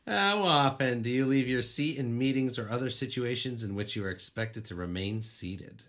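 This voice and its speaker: A man co-hosting a casual podcast, telling long rambling stories with plenty of laughter and casual swearing. His voice sits at an ordinary middle pitch for a man, relaxed and conversational. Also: normal speed. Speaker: podcast co-host. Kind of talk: casual chat.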